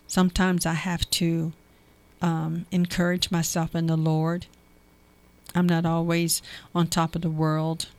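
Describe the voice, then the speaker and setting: A speaker reading scripture aloud and reflecting on it devotionally, with emphatic stress and repeated key phrases. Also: mid-range voice.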